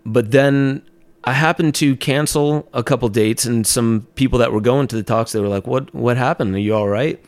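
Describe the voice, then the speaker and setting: A man with a smooth, resonant voice sitting low in pitch recounts a personal story as an interview guest. His telling is loose and chatty, full of fillers and quick laughs. The sound is close and dry, with no room around it. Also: no room sound. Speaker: podcast guest, documentary maker on a speaking tour.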